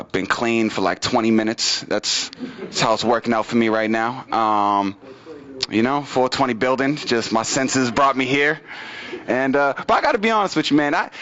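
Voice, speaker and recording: A man doing open mic stand-up comedy, with a loose, rambling delivery full of fillers and repeats, swinging his pitch widely for impressions. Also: fairly bright tone, lo-fi sound. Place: small studio stage with audience.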